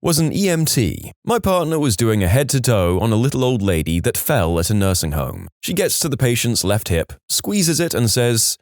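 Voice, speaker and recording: A man reads submitted stories aloud in a scripted storytime style, his voice swinging up and down with lively, animated pitch. He drops in wry joking asides between the tales. The recording is close and dry, with no room sound. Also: moderate pace, hardly any pauses, dry recording. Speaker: narrator of reader-submitted stories.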